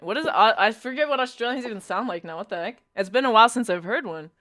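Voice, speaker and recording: A young woman streaming, chatting casually in quick, giggly bursts. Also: a little high, animated, fairly bright tone, no echo. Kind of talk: casual live-stream chat.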